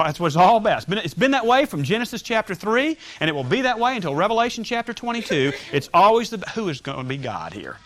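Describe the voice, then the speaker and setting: A man's voice: mid-range voice, a bit bright. A man teaching a Sunday school Bible class, emphatic and joking with his students as they discuss scripture.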